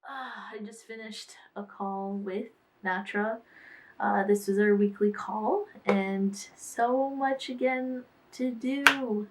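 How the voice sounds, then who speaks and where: A woman's voice: mid-range voice, steady tone, slow, distant mic, rough recording. A tired woman managing artists talks through her week in a casual diary vlog, sighing and trailing off as she thinks aloud.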